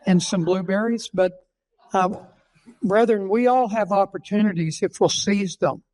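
Earnest high-voiced Texan preacher. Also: male voice, a little mellow, rough recording. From Texas. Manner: folksy, earnest storyteller acting out dialogue. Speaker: pastor. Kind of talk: sermon-style storytelling.

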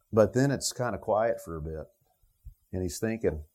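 A man's voice: on the low side, animated, normal speed, a little mellow. A man preaching a Bible sermon, talking it through with the listeners in a conversational way. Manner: conversational, thinking aloud with the listeners. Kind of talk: expository sermon.

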